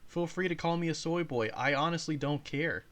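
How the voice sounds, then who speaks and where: A man's voice: fairly high pitch, fairly quick, fairly bright tone. A man hosting a reaction video, sarcastic and profane, speaking straight to his viewers. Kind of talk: casual reaction commentary.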